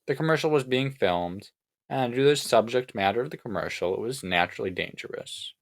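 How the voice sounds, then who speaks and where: A man's voice: medium pitch, lively intonation, fairly quick. A man narrating a comic crime story aloud with a straight face. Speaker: audiobook narrator.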